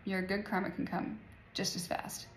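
A woman's voice: medium pitch, monotone, moderate pace, slight background noise. A woman in her forties talking casually to her viewers about energy and healing, rambling and laughing often. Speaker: spiritual vlogger. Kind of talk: casual spiritual talk to viewers. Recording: echoey room, faint ambience.

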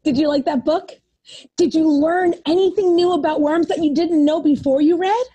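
A woman preschool teacher reading a picture book aloud to young children in an animated, sing-song way. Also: very high-pitched, normal speed.

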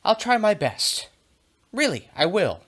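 A man voicing Murphy, an excitable, food-loving young male dog who is scared of bees, in a shrill, panicky voice for a children's story. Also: unhurried, husky, full character voice. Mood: panicked.

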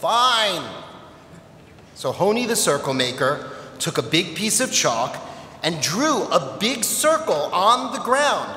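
At a temple service, a man with a high voice tells a children's story at a measured pace, lively and playful as he speaks to the audience. The sanctuary is an echoey hall with long reverb, and there's a little hiss or hum.

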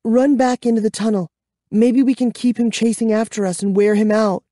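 A brave, insistent young girl, as a man reading a storybook puts her on speaks high and urgent. The voice is pitched well up and the recording is close and dry. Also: fairly even intonation, normal speed, mellow, no room sound, close to an everyday voice. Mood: urgent whisper. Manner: raised, pleading and insistent. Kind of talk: audiobook character voice.

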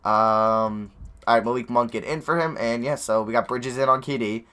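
A young man giving nervous, excitable live commentary over a basketball video game, talking to his players on screen, his voice going hoarse. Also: medium pitch, normal speed. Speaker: gaming YouTuber.

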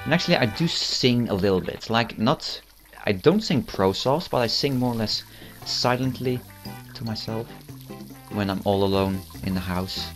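Rambling, low-voiced teen game commentator. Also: male voice, normal speed, faint music behind. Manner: rambling and self-amused, with many fillers and restarts. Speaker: channel host. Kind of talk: gameplay commentary.

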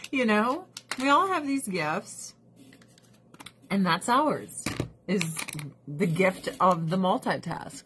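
A woman's voice: mid-range voice, very animated, slow pace, pauses often, fairly bright tone, a little hiss or hum. A woman vlogger giving casual, sarcastic ranting commentary, laughing often and talking to her pets and viewers.

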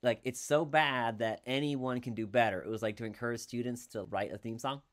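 A man's voice: mid-range voice, steady tone, brisk. A middle-aged man hosting a school podcast, chatting casually and laughing at himself as he tells a story. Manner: laughing, self-mocking storyteller. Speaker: teacher and podcast host. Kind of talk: casual chat.

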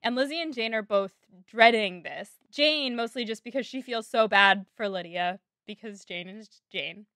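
Bright-voiced young woman recapping a book. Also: a little high, dry recording, studio quality. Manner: brisk plot recap, laughing easily, sarcastic quotes. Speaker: podcast co-host. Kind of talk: casual book podcast chat.

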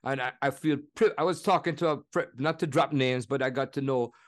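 Lively Jamaican-accented man in his seventies. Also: medium pitch, a little fast. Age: 70s. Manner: animated, laughing, slips into impressions. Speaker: guest musician. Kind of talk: conversational storytelling interview.

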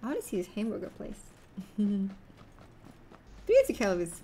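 A woman's voice: medium pitch, measured pace, pauses often, a little hiss or hum. A young woman streaming a game, chatting loosely and rambling to her viewers, with the odd swear. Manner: rambling, loose and swearing, talks straight to chat. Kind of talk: casual gameplay chat with viewers.

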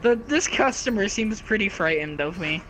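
High bright young guy goofing around in a game, super bouncy voice. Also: normal speed, rough recording. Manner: playful, excitable, role-plays a customer and shopkeeper. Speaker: friend in a game session. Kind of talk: casual gaming banter. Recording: gameplay video with faint music.

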